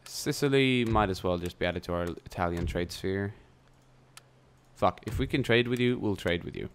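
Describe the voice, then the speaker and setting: A young man with a very low voice talks through his turns in a strategy game, chatty and loose. He thinks aloud as he plays, with the odd swear word. He speaks close to a desk mic. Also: moderate pace, a little hiss or hum. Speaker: gameplay commentator. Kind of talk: casual let's-play commentary.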